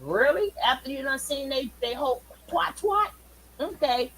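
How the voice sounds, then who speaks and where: High, bright-voiced woman ranting angrily. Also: expressive, unhurried, a little hiss or hum, poor audio. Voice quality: loud, profane, ranting. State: angry, worked up. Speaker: commentary channel host. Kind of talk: heated reaction commentary.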